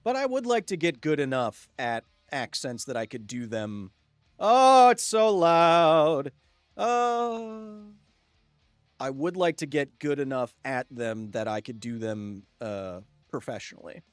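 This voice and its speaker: A man's voice: mid-range voice, expressive, moderate pace, hardly any pauses, dry recording, faint music behind. A man hosting a live game stream, chatting casually with viewers, reading out the chat and joking. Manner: chatty, jokey, reads chat aloud and laughs often. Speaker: gaming livestream host.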